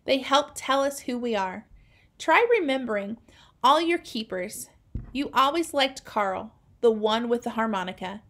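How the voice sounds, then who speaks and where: Brief: a wise, soothing old elephant, voiced by a woman, higher-pitched and gentle. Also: expressive, measured pace. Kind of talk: read-aloud storybook.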